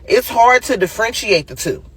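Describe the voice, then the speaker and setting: An exasperated single mother pours out her frustration in a high, tense voice with a husky rasp. She curses freely and keeps circling back to how tired and hurt she is, recorded close and dry. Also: animated, a little fast, a bit bright, dry recording. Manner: angry, profane, exasperated. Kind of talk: emotional venting monologue.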